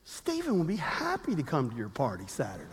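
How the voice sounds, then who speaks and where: A man voicing a gentle mother, speaking softly and coaxingly in a higher, hushed voice. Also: wildly swooping pitch, fairly quick, a little hiss or hum. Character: gentle caring mother, middle-aged woman.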